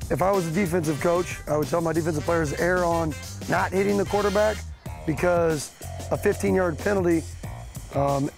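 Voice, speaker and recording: Earnest young man explaining rules. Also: a little high. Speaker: football player explaining rules.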